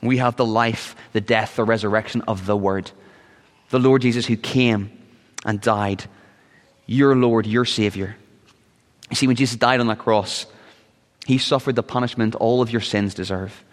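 A man's voice: on the low side, fairly even intonation, normal speed, pauses often. A man preaching a sermon as pastor, earnest and at times rising into urgent, pleading appeals. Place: church sanctuary. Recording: long reverb of a church hall.

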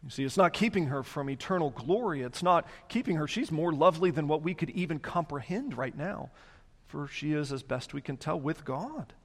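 A man preaches in an animated way, often slipping into mocking voices for the complainers in his story. His voice sits high and moves up and down a lot. It rings with long reverb in a large hall. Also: moderate pace. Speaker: pastor. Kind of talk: sermon.

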